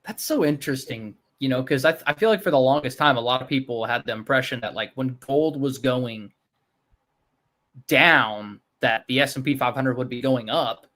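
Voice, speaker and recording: Casual male livestream host, unhurried. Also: mid-range voice, a little hiss or hum. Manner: relaxed, hesitant, thinks aloud with fillers. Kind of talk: casual trading chat.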